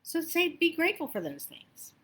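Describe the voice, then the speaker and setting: An abundance coach with an extremely high-pitched voice talks at a moderate pace. Her motivational spiritual talk is animated and chatty, built on stories full of asides.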